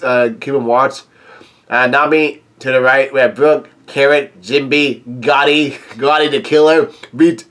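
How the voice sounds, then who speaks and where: A man casually reading through a comic chapter, with halting, stop-and-start delivery. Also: medium pitch, a bit bright. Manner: halting, many restarts and fillers. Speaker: comic reader and YouTube reviewer.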